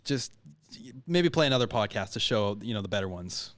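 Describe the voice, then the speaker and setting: A man's voice: on the low side, lively intonation, a little fast, background noise. A man co-hosting a podcast in casual, joking, self-deprecating chat. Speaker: podcast co-host.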